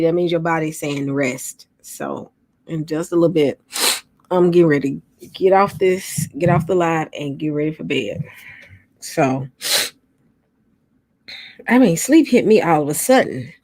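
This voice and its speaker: A woman's voice: on the low side, darkish tone, dry recording. A middle-aged woman, chatting casually and sleepily to viewers on a late-night livestream. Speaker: livestream host.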